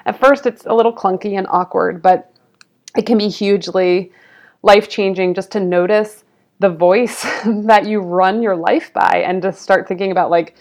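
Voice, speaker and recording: A woman's voice: mid-range voice, steady tone, moderate pace, a little mellow. A woman guest speaking in a reflective, earnest way, with frequent fillers. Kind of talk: conversational interview.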